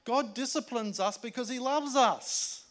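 A man preaching a sermon in a conversational way, moving between emphatic points and hushed asides. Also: extremely high pitch, unhurried. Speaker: pastor.

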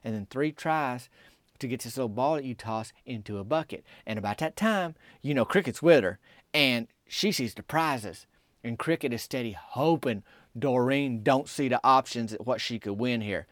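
A man telling a rambling, folksy small-town story, raising his pitch to quote the people in it. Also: normal speed, dry recording, studio quality. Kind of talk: folksy comic storytelling monologue.

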